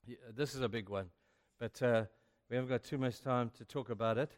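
A man's voice: medium pitch, a little fast. Emphatic preacher man in echoey hall. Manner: emphatic and chatty, keeps saying "you know". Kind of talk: youth sermon.

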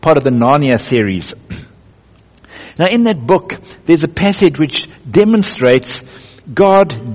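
A man's voice: fairly high pitch, darkish tone, slightly rough. A man preaching a sermon as a pastor, earnest and building emphasis through repetition. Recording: echoey hall.

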